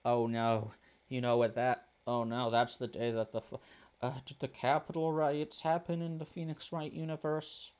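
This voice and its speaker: A man's voice: medium pitch, little pitch movement, normal speed, a little mellow, clean tone, dull audio. A man casually commenting while playing a video game, joking and reading lines aloud with game music behind him. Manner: joking, voices the game's characters. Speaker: let's play host. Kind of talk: casual let's play commentary.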